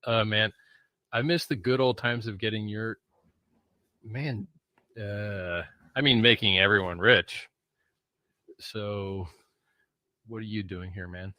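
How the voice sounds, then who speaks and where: An actor playing a sulky, crude crypto founder who whines and curses through every line. His voice is low-set and bright-edged, in a meme video skit. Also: steady tone, takes it slowly, pauses often, no echo. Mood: awkward.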